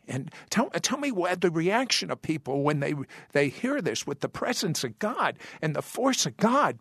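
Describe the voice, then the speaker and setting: A man with a slightly raised voice hosts a Christian talk interview. He draws out his words slowly, with an earnest, lively rise and fall. The sound is close and dry. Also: fairly high pitch, husky, no room sound. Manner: slow, earnest questioning. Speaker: host.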